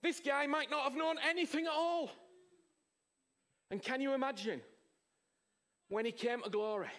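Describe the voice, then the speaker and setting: A man preaching a sermon, emphatic, with rhetorical questions, swinging from loud exclamations to hushed words. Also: extremely high pitch, moderate pace.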